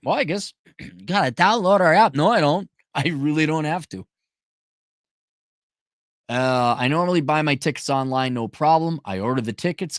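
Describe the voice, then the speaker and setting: An exasperated man delivers a mocking, sarcastic rant. His pitch jumps around a lot, and the sound is dry and close with no room echo. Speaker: commentary vlogger. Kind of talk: ranting commentary.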